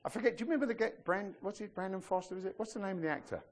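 A man preaching a sermon, telling stories with animated shouted impressions. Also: sits high, racing. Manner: animated storytelling, bursts into excited shouted impressions.

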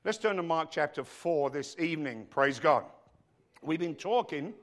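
A man's voice: a little high, lively intonation, moderate pace. Emphatic male pastor preaching. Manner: emphatic, swinging between hushed and loud; addresses the congregation directly. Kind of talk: sermon. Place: church.

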